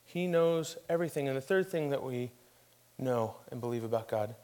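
A middle-aged man preaching a sermon as pastor, telling stories with lively emphasis and dropping to a hushed tone for scripture. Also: mid-range voice, moderate pace, clear, resonant tone. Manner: animated storytelling with acted quotes, then quiet and hushed for scripture.

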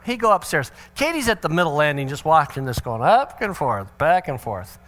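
A man's voice: sits high, brisk, few pauses. A middle-aged man giving a parenting talk, telling a family story with humor and acting out the voices of the people in it. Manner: animated, acts out family dialogue with swings of voice; humorous, sarcastic asides. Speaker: parenting seminar speaker.

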